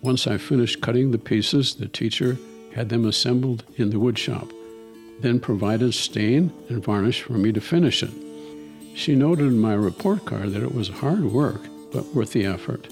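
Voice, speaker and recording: Old guy in his 90s reading his memoir, rough gravelly voice, calm and matter of fact. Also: mid-range voice, normal speed. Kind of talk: reading a personal memoir aloud. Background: soft guitar music.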